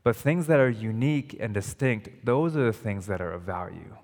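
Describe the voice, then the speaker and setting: A man's voice: on the low side, expressive, moderate pace, gravelly, darkish tone. A man preaching a sermon as pastor, emphatic, often restarting and repeating phrases. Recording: long reverb of a hall.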